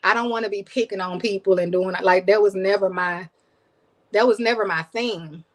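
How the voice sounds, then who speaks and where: Woman, live-stream host, soothing voice, chatty, laughs a lot, middle pitch. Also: normal speed, poor audio. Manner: chatty, laughs often, thanks viewers by name. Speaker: cooking channel host. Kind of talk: casual live-stream chat with viewers.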